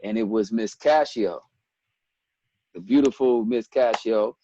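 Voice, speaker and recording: A man in his forties from Ethiopia, a guest telling stories in a relaxed interview, animated and quick to quote others. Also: lowish voice, dull audio, slight background noise. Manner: animated storyteller, breaks into quoted voices and laughs. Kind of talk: casual storytelling interview.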